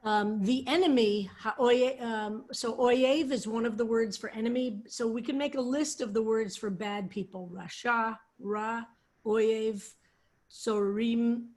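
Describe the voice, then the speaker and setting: Woman rabbi on a video call going word by word thru a psalm, kinda high voice, patient. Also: fairly even intonation, measured pace, a little mellow. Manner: patient, explanatory, lingers over Hebrew words. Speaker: rabbi teaching a psalm study. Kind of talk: online Hebrew text lesson.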